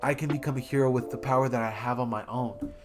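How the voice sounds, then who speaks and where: A man does an earnest young male hero, barely shifting from his own middle-pitched voice. He speaks eagerly and trips over his words, with guitar music in the background. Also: steady tone, quick pace, close to an everyday voice. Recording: guitar music playing behind.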